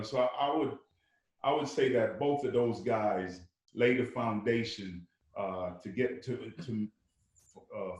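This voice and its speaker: Jamaica-born guy on a podcast, lowish voice, lots of uh and um, real echoey. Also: darkish tone. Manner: halting, many fillers and restarts. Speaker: guest, former player and coach. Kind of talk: casual podcast chat.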